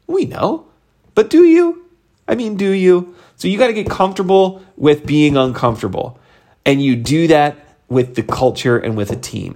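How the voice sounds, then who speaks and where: A middle-aged man gives his sales team a motivational talk as their leader and coach. He's conversational and animated, jumping up in pitch for emphasis.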